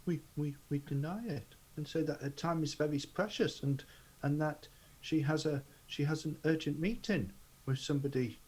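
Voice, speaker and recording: A man at a tabletop game with a slightly high, husky voice. He speaks hesitantly and often repeats words while he works out his plan. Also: steady tone, normal speed, darkish tone, poor audio. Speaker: player.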